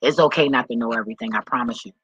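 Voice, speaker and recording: A man talking off the cuff in a vlog, rambling and excitable, swearing often as he reads and reacts. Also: mid-range voice, rapid-fire, dull audio, slight background noise. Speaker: vlogger.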